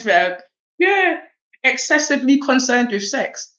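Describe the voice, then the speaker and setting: A woman with a South East London accent giving an oracle card reading in a casual livestream chat, animated and laughing, with streetwise slang and swearing. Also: high voice, unhurried, highs cut off.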